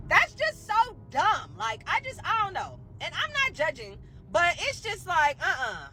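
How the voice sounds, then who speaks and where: Loud sassy woman in her twenties. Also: extremely high pitch, huge pitch swings, normal speed, noisy background. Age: 20s. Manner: loud, sassy, laughing, emphatic. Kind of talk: casual rant to camera.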